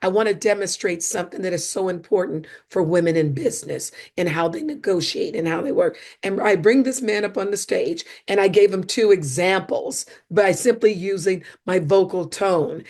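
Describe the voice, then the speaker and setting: Her voice is mid-range as she guests on a podcast, a speaker and coach walking through communication with lively emphasis and examples she acts out.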